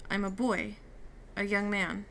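Gravelly woman reading a story aloud. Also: mid-range voice, level tone, unhurried, a bit bright, a little hiss or hum. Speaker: reader. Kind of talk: audiobook reading with character dialogue.

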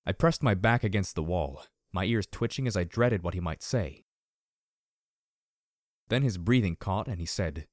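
A man reading first-person fiction aloud as an audiobook narrator, in an even, measured way. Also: sits low, no room sound, clean studio sound.

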